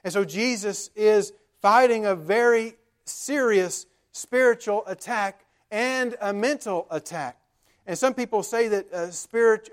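High-voiced preacher retelling scripture plainly. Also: male voice. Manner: conversational preaching with frequent "uh" fillers. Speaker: pastor. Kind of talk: sermon.

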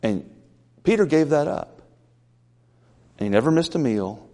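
A man preaching a conversational sermon in a folksy way, building up to loud, emphatic peaks. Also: on the high side, sing-song, unhurried, big-room sound.

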